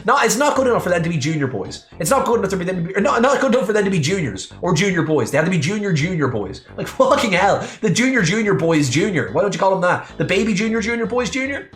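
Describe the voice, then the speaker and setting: A woman's voice: on the low side, big pitch swings, quick pace, hardly any pauses, faint music behind. A woman commenting sarcastically and profanely on a voice-acted game playthrough, recorded with a roomy echo at home. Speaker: let's-play host.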